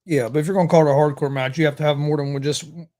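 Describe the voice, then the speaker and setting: Flat-voiced young man co-hosting. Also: a little high. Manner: halting, repeats words when starting. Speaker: co-host. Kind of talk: casual sports chat.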